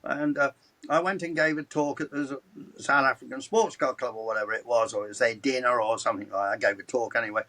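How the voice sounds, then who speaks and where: A man's voice: medium pitch, fairly even intonation, fast, bright, forceful tone, poor audio. A man in his seventies, a motorsport commentator chatting as a podcast guest, telling anecdotes with chuckles and frequent restarts. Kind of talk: anecdotal storytelling in conversation.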